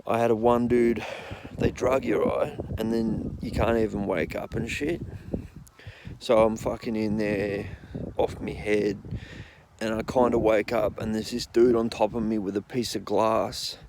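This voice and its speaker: A man's voice: lowish voice, level tone, measured pace, noisy background. A young man with an Australian accent telling rambling, profane anecdotes in a blunt, casual way. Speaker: storyteller.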